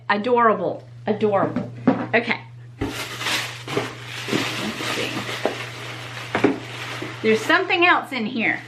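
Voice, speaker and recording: A woman's voice: medium pitch, sing-song, takes it slowly, pauses often, noisy background. A woman hosting a casual unboxing vlog, gushing and exclaiming in delight as she talks straight to her viewers. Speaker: YouTube channel host.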